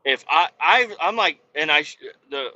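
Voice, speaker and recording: A man hosting a podcast, ranting heatedly with constant swearing and bursts of yelling, recorded in the cab of a semi truck while driving. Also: a little high, expressive, normal speed. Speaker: podcast host. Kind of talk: profane ranting monologue. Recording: dull lo-fi recording.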